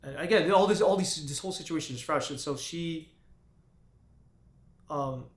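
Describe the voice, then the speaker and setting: Male vlogger, halting emotional storyteller, slightly high voice, roomy echo. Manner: halting, with frequent restarts and fillers. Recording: echoey room.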